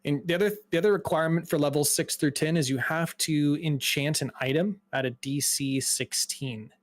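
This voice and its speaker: A man running a tabletop game as game master, explaining rules in a brisk, matter-of-fact way. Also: fairly high pitch, no room sound, studio quality.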